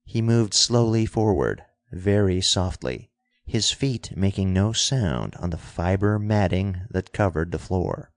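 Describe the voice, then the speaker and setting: A man reading an adventure novel aloud as narrator, in a steady, measured way. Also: low voice, dry recording. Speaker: audiobook narrator. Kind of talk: scripted narration.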